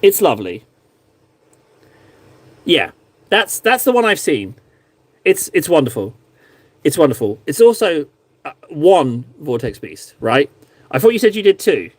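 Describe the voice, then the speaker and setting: A man with a slightly higher voice chats casually on a stream, rambling and poking fun at himself as he goes. He is recorded close on a desk mic, with a dry sound and no room echo. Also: sing-song, a little slow, long pauses. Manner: rambling, self-mocking, playful. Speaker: streamer reviewing viewers' miniature paintings. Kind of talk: casual live-stream chat.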